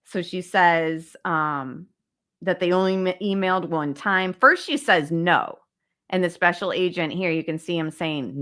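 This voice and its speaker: A woman's voice: on the low side, measured pace, fairly bright tone. A woman hosting a casual livestream, chatting straight to viewers and reading documents aloud. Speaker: true crime channel host. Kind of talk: casual livestream case discussion.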